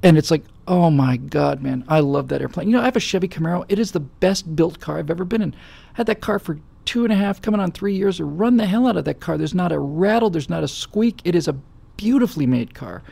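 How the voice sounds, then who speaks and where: A man's voice: on the high side, expressive, fast talker, gravelly, dark tone, husky. A man hosting a live show, telling stories in a rambling, casual way with many fillers. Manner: rambling and anecdotal with frequent fillers. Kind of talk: casual storytelling chat.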